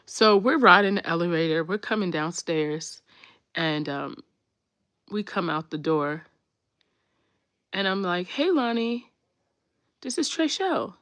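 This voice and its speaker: A woman, telling family stories in a casual, animated way and laughing often. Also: lowish voice, measured pace, long pauses, dry recording. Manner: animated, laughs often, repeats "when I tell you". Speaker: storytelling host. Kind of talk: casual storytelling chat.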